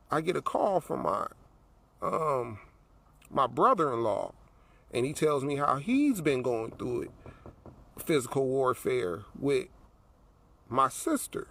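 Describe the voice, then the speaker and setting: A man's voice: on the high side, a bit bright. A man telling a personal story in a rambling way, repeating his phrases, recorded outdoors by an apartment building. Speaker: vlogger.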